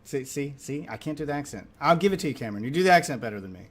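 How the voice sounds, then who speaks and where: A man's voice: a little high, expressive, very fast, a bit bright. A man hosting a livestream, reacting to a video with wry, joking asides. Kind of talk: casual reaction chat.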